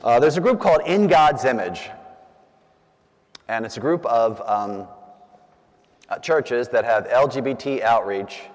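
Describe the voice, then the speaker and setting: A man, a priest, tells stories to a gathered group in a relaxed, conversational way, full of asides and little fillers. His voice sits at an ordinary middle pitch. The sound rings with the long reverb of a large hall. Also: a little slow, long pauses. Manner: chatty, anecdotal, frequent asides and fillers. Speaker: priest giving a talk to a group. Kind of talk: conversational public talk with storytelling.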